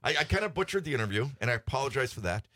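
A man's voice: mid-range voice, very animated, racing, a bit bright. A man hosting a morning radio show, joking around and poking fun at himself while bantering with his co-host in the studio. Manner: joking, self-deprecating, talks over others. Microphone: studio microphone.

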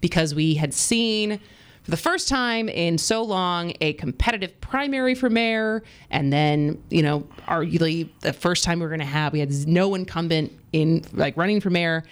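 A woman hosting a radio talk show, chatting in a quick, animated way with her guest. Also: lowish voice, smooth. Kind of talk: casual radio interview.

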